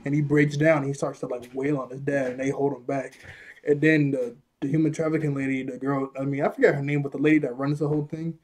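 The young man's mid-range voice is flat, quick, and slightly mellow. Hosting his own anime video, he chats casually through a scene retelling, rambling with restarts and laughs.

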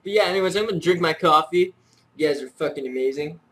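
A man's voice: on the high side, fast talker, fairly bright tone, rough recording. A man in a comedic rant to camera as a YouTuber, mock-furious and profane, sighing between lines.

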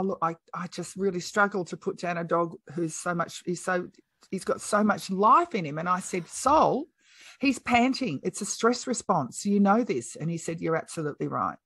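A woman's voice: fairly low pitch, gravelly, breathy edge, no echo. A middle-aged woman, a podcast guest, telling a story in casual chat, frank and outspoken, acting out the lines of the people she quotes. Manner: animated, acts out quoted dialogue.

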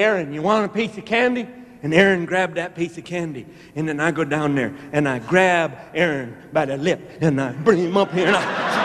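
A male comedian telling an animated story on stage during a live stand-up show. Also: sits high. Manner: animated storytelling, acts out scenes. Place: theater stage. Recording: live show in a reverberant hall with audience noise.

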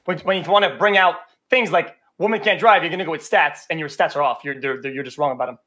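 A man hosting a livestream debate, talking in a casual, excitable way. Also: a little high, fast. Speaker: streamer and debate host. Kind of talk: livestream chat.

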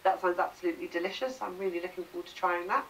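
A woman at a dinner party, chatting warmly and effusively as a guest. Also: on the low side, fairly even intonation, rapid-fire, recorded from a distance, low-quality recording. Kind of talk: casual chat.

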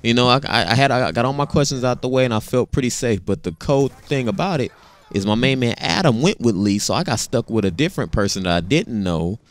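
A man in his thirties casually telling a personal story, animated and slangy, often repeating words as he talks. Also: mid-range voice, a little fast, dry recording.

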